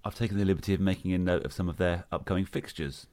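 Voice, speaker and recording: A man hosting a football podcast, brisk and joking as he steers the chat. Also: low voice, dark tone, dry recording. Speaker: podcast host. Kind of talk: casual chat.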